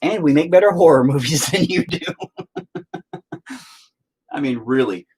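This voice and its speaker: Male streamer, casual and profane, rambles and ribs his chat, animated pitch swings. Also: unhurried, slight background noise. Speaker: livestream host.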